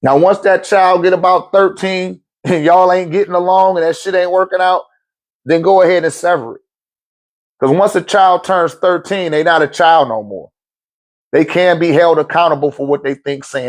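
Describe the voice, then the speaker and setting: Man, middle-aged, slightly high-pitched, blunt, preachy, profane, laughs often. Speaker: spiritual speaker giving life advice. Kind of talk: casual monologue to camera.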